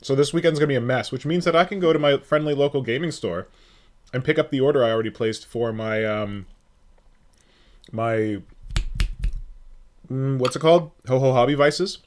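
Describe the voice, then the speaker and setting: A man's voice: mid-range voice, moderate pace, pauses often. A man hosting a casual live stream, joking and reading out viewers' names. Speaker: stream host.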